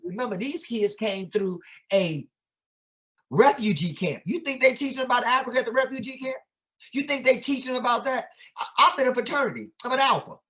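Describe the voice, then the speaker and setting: A man with a very high-pitched, animated voice, pushed and bright and a little fast, speaks as a guest educator. Like a preacher, he delivers impassioned conversational teaching, asking many rhetorical questions in casual vernacular grammar.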